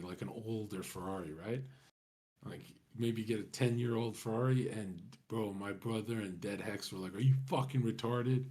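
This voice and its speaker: A man's voice: medium pitch, a little mellow, husky. A man talking casually to his stream chat, rambling and swearing, with many restarts.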